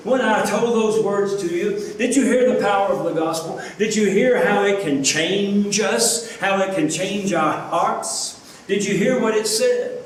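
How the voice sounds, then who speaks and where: A man preaching a sermon as pastor, earnest, asking his listeners rhetorical questions. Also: high voice. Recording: echoey room, from a distance, faint background noise.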